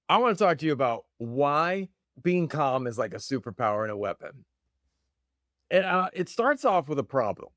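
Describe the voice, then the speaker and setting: A man talks to camera in a loose, chatty motivational monologue, often laughing at his own stories. His voice sits in an ordinary middle pitch. The sound is close and dry, with no room around it. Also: no room sound. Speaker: podcast host.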